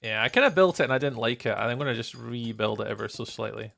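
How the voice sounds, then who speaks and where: A man's voice: mid-range voice, fast, gravelly, bright, forceful tone. A young Scottish man streaming a game build live, chatting casually, greeting viewers by name and laughing often. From Scotland.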